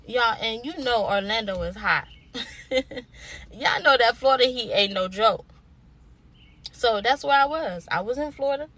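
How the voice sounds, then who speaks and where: A woman's voice: mid-range voice, a bit bright. A young adult woman speaking to camera as a motivational speaker. She talks in an informal, colloquial way and repeats her lines like a preacher exhorting a crowd. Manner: emphatic, repetitive, preacher-like exhortation. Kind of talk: inspirational direct-to-camera talk.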